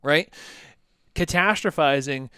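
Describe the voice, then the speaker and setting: A man coaching on a casual fitness podcast, pitched a bit high with a smooth, clear voice. He talks animatedly and acts out quotes. The sound is close and dry, with no room echo. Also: slow pace, bright, forceful tone.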